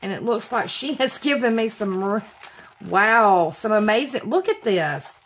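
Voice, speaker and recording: In this unboxing vlog, an Alabama woman gushes over her craft supplies, giddy, quick to laugh and apologetic. She speaks at a measured pace in an expressive, mid-range voice, with slight hiss or hum on the recording.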